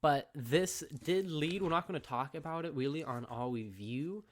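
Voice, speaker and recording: A man's voice: a little high, moderate pace. A young man, a teacher giving a recorded review lecture, laid-back and repetitive, often checking in with "okay?". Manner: casual, repeats points and checks in with "okay?".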